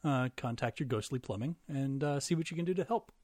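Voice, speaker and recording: A man's voice: mid-range voice, fairly quick, a little mellow, dry recording, studio quality. A man co-hosting a casual comedy podcast, wry and self-deprecating, making puns. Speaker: podcast co-host.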